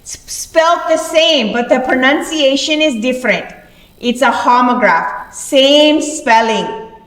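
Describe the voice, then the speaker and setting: A woman's voice: high-pitched, a bit bright. A woman teaching a class lesson, speaking patiently and repeating words to explain them. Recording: echoey room, voice far from mic.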